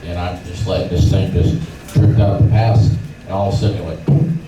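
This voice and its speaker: Loud music plays behind this middle-aged man, whose voice sits low and moves fairly quickly. A fishing guide giving a club talk, he tells fishing stories with animation, acting out voices and sounds. The recording is noisy, distant and echoey.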